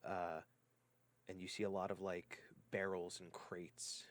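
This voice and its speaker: A man's voice: low-pitched, level tone, unhurried. A man running a tabletop game as game master, narrating the scene in a descriptive way with some hesitant fillers.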